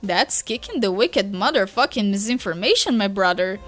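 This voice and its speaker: A woman voicing a laid-back, unsettling teenage troll boy in a slow drawl while reading a webcomic aloud. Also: medium pitch, lively intonation, fairly bright tone, soft background music, close to an everyday voice.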